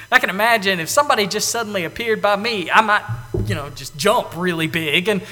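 A man preaching a sermon in an animated way, acting out the lines he quotes, now loud and now soft. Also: high-pitched, a little fast, big-room sound, faint music behind. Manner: animated, acts out quoted lines with big swings in loudness.

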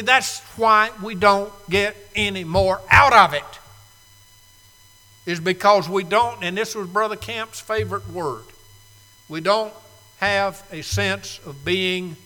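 A man's voice: high-pitched, bright, forceful tone, in a large hall. A man preaching a sermon to a live congregation, emphatic and fond of repeating key phrases. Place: church sanctuary, live congregation.

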